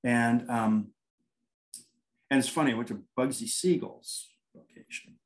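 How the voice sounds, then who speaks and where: Man guest, mid pitch, rambling storyteller who acts out quoted exchanges. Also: unhurried, low-quality recording. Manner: rambling, animated anecdotes with quoted dialogue. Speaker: paranormal investigator guest. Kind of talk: casual interview storytelling.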